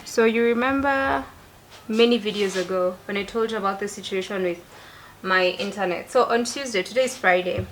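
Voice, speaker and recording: A woman's voice: mid-range voice, normal speed. A young woman, chatting casually and expressively to camera in a home vlog. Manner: chatty and expressive, with animated asides. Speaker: lifestyle vlogger.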